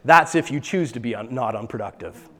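A pastor giving an emphatic sermon, repeating words for stress, in a church. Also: male voice, medium pitch, animated, a little fast, bright, forceful tone. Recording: long hall reverb.

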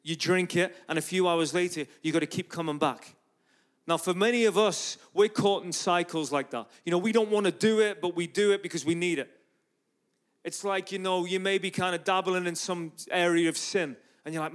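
An Irish man with a voice that sits high speaks at normal speed as a guest preacher and street evangelist. In church, he delivers a storytelling sermon, animatedly acting out lots of dialogue.

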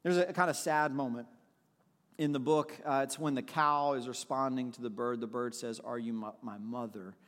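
A man's voice: mid-range voice, normal speed, fairly bright tone, long reverb tail. A man preaching a sermon, telling personal stories in a reflective way with frequent restarts. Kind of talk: sermon with storytelling.

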